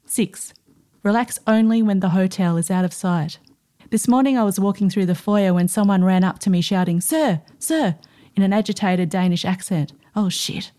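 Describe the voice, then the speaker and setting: A woman presenting a radio documentary, narrating in a measured, scripted way and reading diary excerpts aloud. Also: mid-range voice, fairly even intonation, dark tone.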